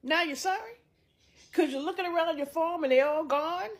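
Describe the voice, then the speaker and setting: A woman delivering an angry, mocking social media rant, profane and loud at times. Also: extremely high pitch, normal speed.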